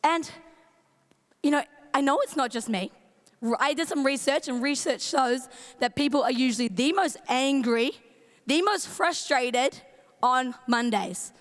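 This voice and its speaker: Woman youth leader, New Zealand accent, strained voice, high and unhurried, big-hall reverb. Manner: playful, chatty, greets in Māori. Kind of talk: youth camp talk. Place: large events centre stage.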